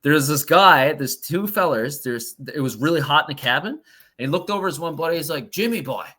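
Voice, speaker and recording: Man, Newfoundland accent, podcast guest, casual storytelling, laughs a lot, swears, bright voice. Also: fairly high pitch, lively intonation, fairly quick. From Newfoundland, Canada. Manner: chatty storyteller, laughs often, swears freely. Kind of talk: casual chat.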